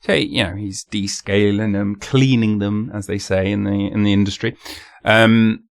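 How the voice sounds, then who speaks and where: A man with a fairly low voice talks straight into a dry, close microphone. He hosts his own podcast in a loose, rambling monologue. He pokes fun at himself and slips into daft voices. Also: steady tone, unhurried, creaky, no echo. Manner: rambling, self-mocking, jumps into silly voices. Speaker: podcast host. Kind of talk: casual solo monologue.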